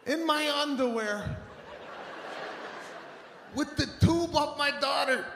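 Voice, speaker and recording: A male stand-up comedian doing a live routine, telling stories in an animated, exasperated way with big swings in voice. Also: extremely high pitch, takes it slowly, creaky, pauses often, noisy background. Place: theater stage before a live audience. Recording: echoey live venue with long reverb.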